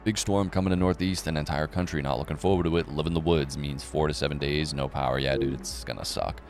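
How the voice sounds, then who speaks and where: A man's voice: very deep voice, steady tone, quick pace, soft background music. A man hosting a casual crypto and economy commentary video, talking bluntly with plenty of swearing. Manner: blunt, profane, rambling.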